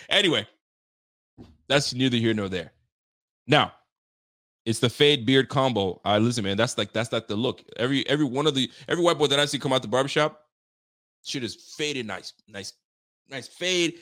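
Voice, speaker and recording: A man hosting a casual live stream, reacting with incredulous, animated talk and frequent laughter. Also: medium pitch, brisk, pauses often, no echo, studio quality. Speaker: show host.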